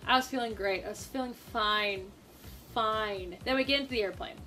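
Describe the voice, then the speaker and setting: A young woman from Minnesota telling a personal story to the camera in a casual, animated way, with quick asides and acted-out quotes. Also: mid-range voice. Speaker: storytime vlogger.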